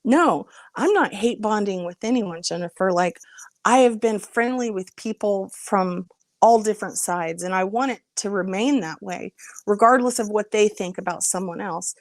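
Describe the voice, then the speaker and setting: A woman in her thirties talks in an earnest, exasperated way on a livestream, breaking off to greet viewers by name. Her voice sits at an ordinary pitch. The recording is dry and close, with no room sound. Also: moderate pace, no room sound. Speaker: livestream host. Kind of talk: casual livestream chat.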